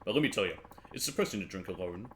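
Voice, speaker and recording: A man voicing a boisterous drunk middle-aged former baseball pitcher, talking in folksy old-timey slang. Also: lively intonation, very fast, fairly bright tone, a little hiss or hum. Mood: jovial. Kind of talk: reading game dialogue aloud.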